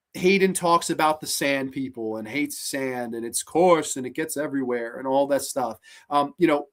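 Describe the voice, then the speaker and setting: Brief: podcast host, swearing constantly, animated ranting film review. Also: mid-range voice.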